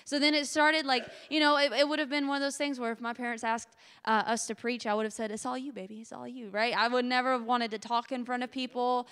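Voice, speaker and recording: Bright high-voiced woman preaching passionately. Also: flat delivery, fast talker, hardly any pauses, smooth. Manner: passionate, builds to emotional peaks. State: voice cracking with emotion. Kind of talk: sermon testimony.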